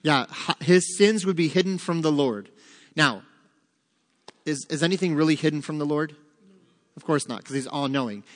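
Long reverb trails after a Bible teacher with a slightly high voice who speaks at a moderate pace and pauses often. In his interactive study, he questions his listeners and then answers himself.

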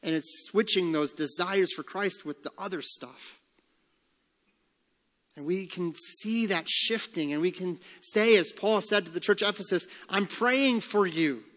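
Male pastor, emphatic sermon delivery, slightly high voice, live church reverb. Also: fairly bright tone. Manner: emphatic preaching, slowing and rising on key phrases. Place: church sanctuary. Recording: long church hall reverb.

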